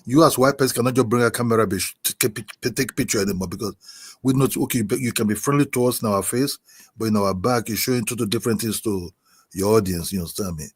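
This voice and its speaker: A man's voice: on the low side, fast, breathy edge. A man from Nigeria, a guest in a heated casual debate, insistent and repeating himself. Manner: insistent, repeats himself, keeps asking "you understand me?".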